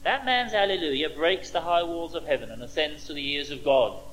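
A man preaching a sermon, emphatic, slowing down with dramatic pauses and stressing key words. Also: on the high side, expressive, a bit bright, slight background noise, low-quality recording.

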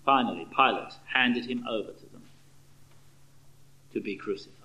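A middle-aged man giving a sermon, telling a story and asking rhetorical questions in a conversational, animated way. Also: medium pitch, moderate pace, rough recording.

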